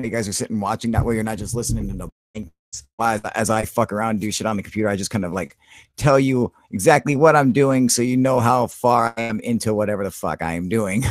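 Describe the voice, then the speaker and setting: A man's voice: on the low side, no room sound. Man, live-stream host; casual, swearing, narrates his screen work; dry sound. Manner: loose, heavily profane, narrates his computer actions aloud.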